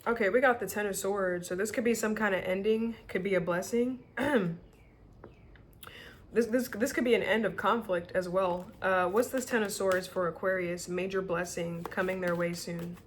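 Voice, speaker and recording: A woman talks through a tarot reading in a loose, rambling way, restarting her sentences and swearing freely. She gets emotional and sounds close to tears, and her pitch sits in an ordinary middle range. A faint hiss of background noise runs under her voice. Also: fairly even intonation, moderate pace. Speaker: tarot reader. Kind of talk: casual tarot reading to camera.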